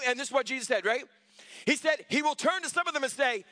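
A man preaches with a very high, bright voice that carries sharply, the sound dry and close. He leads his congregation in call-and-response and climbs into shouts. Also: lively intonation, fast, dry recording. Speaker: pastor. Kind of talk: sermon.

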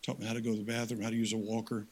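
Racing through a folksy sermon as guest speaker, an older man shows little pitch movement. He still shifts from loud, high-pitched exhortation to hushed, low appeals.

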